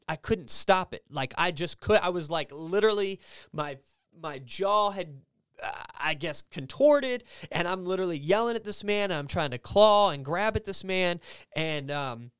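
A man in his thirties recounts a personal story in loose, chatty speech full of restarts, his voice sitting a touch high and sounding smooth and resonant. The sound is close and dry, with no room around it. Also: moderate pace, no echo. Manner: animated, acts out quoted voices in a raised pitch; casual, filler-heavy with frequent restarts. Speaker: podcast guest.

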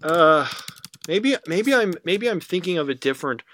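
A man's voice: fairly high pitch, animated, normal speed, a bit bright. A young man co-hosting a casual podcast, recapping an episode in a rambling way with many fillers. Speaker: podcast co-host. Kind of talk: casual anime review chat.

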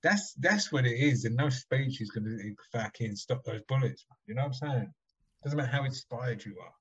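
Husky guy on a podcast, blunt and grim, kinda dull lo-fi sound. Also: medium pitch, animated, normal speed, a bit bright. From London. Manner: blunt, grim, sobering, swearing. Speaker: podcast co-host. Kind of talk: casual chat.

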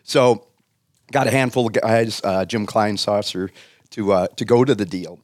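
Rambling low-voiced man, dry mic. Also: normal speed, darkish tone, dry recording. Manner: rambling, many fillers. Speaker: guest, former sports community relations director. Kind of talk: casual anecdote.

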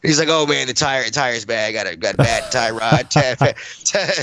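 A man co-hosting a podcast, telling a profane, animated story and laughing as he goes. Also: mid-range voice, normal speed, a little hiss or hum. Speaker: podcast co-host. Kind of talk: casual storytelling.

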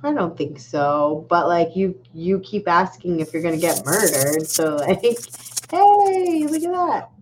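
A woman co-hosting a podcast in easygoing casual chat, quick to laugh. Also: deep voice. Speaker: podcast co-host. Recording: muffled lo-fi call with faint noise.

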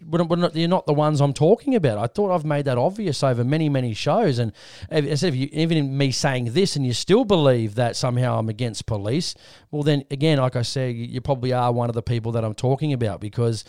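An Australian podcast host with a medium-pitched voice tells a rambling story in casual chat, animatedly acting out what other people said. The sound is dry and studio-clean.

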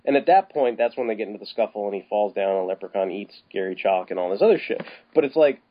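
A man's voice: on the low side, animated, fast. A man talking casually about a film, rambling with lots of restarts and casual swearing. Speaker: podcast co-host. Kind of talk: casual film-review chat. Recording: slightly dull, lo-fi podcast audio.

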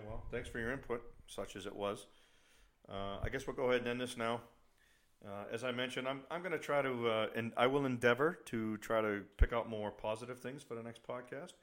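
A middle-aged man rants through a casual podcast, rambling and exasperated, often getting louder as he works himself up, then mocking himself as a grumpy old-timer. His voice sits at an ordinary pitch for a man. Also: steady tone, fairly quick. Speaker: podcast host.

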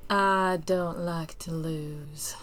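A woman playing a tabletop game, speaking in a slow, drawn-out, giggly way. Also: fairly low pitch, fairly even intonation, fairly bright tone, soft background music. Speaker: player. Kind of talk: tabletop role-play.

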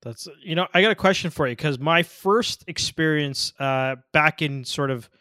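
Higher-voiced male interviewer, dry sound. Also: normal speed, bright, forceful tone. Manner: engaged, echoes and follows up on answers. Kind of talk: conversational interview.

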